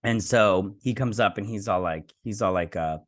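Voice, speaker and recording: A man hosts a TV review in a lowish voice at normal speed, casually recounting an episode. The retelling meanders, heavy on fillers and lines quoted as "he's like."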